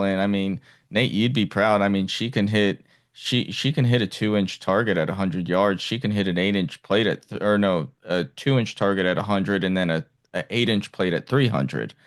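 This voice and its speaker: Male podcast host, lowish voice, casual, stop-start delivery full of restarts. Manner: halting, restarts with many "like"s. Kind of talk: casual interview chat.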